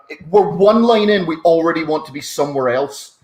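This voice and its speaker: A man, chatting in an animated, opinionated way on a comedy podcast. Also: on the high side, a little fast, reverberant. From Ireland. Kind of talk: casual podcast chat.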